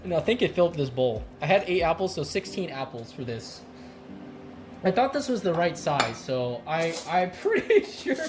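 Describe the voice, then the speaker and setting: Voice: mid-range voice, sing-song, moderate pace, over music. A streamer chatting casually while cooking on a live stream, rambling and laughing often. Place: home kitchen.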